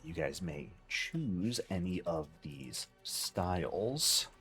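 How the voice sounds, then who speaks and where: A man narrating a tabletop role-playing game as game master in a relaxed, halting way, with many fillers. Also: low-pitched, soft background music.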